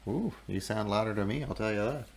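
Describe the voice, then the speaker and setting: A man's voice: fairly low pitch, quick pace, vocal fry, slight background noise. A man hosting a live art stream, chatting casually and joking around with his cohost. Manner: joking, relaxed banter. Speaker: host.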